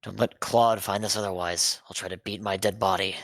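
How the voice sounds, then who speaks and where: A young man player reading a letter aloud during a tabletop game, steady and quick. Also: deep voice, no echo, poor audio.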